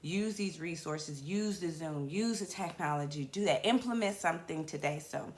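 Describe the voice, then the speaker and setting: A woman talk show host and comedian, chatting loudly and rambling. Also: low voice, normal speed, roomy sound. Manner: loud, animated, chatty and rambling. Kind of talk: casual talk show chat.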